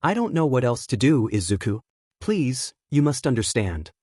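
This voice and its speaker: A man's voice: mid-range voice, sing-song, normal speed, a little mellow, breathy edge, dry recording, studio quality. A man reading as a cold, condescending mother. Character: cold, weary middle-aged mother.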